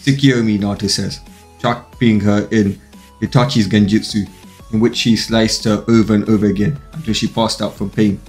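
A man's voice: fairly low pitch, little pitch movement, moderate pace, a little mellow. A man narrating a fan-fiction story in a plain, run-on reading with occasional slips. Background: faint music.

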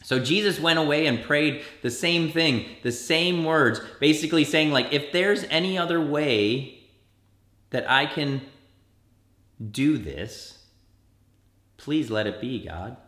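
A man as a children's pastor, telling a story to kids in an animated way and acting out the quotes with big jumps in pitch. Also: unhurried, echoey room. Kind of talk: kids' church sermon.

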